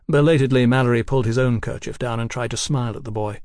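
A man narrating an audiobook in a steady, even storytelling manner. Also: medium pitch, fast talker, no echo, studio quality.

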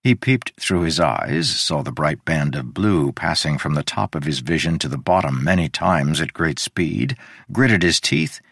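Man, audiobook narrator, deep voice, lively intonation, close dry sound. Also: measured pace, vocal fry, slightly rough, no room sound. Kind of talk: scripted fantasy narration.

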